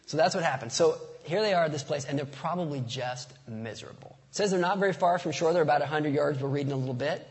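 A man's voice: a little high, fast, hardly any pauses. A man preaching a sermon as pastor, casual and conversational, slipping in jokes. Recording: long reverb of a large hall.

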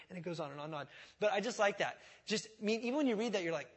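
A man's voice: high-pitched, animated, racing, few pauses, slightly rough. A man preaching a sermon in a conversational way, with rhetorical questions, asides and self-deprecating humor. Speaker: pastor.

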